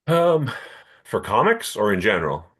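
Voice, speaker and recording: A man co-hosting a comics podcast, telling anecdotes in a relaxed, casual way. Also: lowish voice, normal speed, slightly rough. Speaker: podcast co-host. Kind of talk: casual chat, storytelling.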